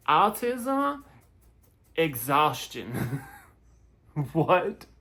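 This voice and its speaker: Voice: mid-range voice, lively intonation, takes it slowly, fairly bright tone. An online commentator casually reading posts and comments aloud, often giggling and breaking off into asides and restarts.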